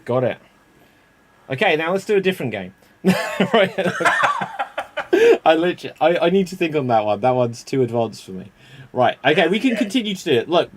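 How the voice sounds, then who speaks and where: A man's voice: on the high side, very animated, noisy background. Chatty man hosting improv. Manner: laughs often, quick and chatty. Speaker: improv game host. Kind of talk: casual improv comedy hosting.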